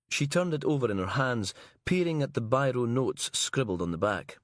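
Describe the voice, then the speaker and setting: Brief: male audiobook narrator, measured crime-novel reading, lowish voice, dead-dry close recording. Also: animated, dry recording.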